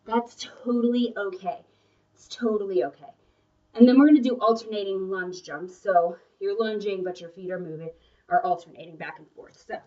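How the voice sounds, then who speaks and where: A young adult woman, a fitness instructor, leads a workout instruction video in a chatty, encouraging manner, breaking off to laugh. Her voice is mid-range and darkish in tone, sounding muffled because she's far from the mic.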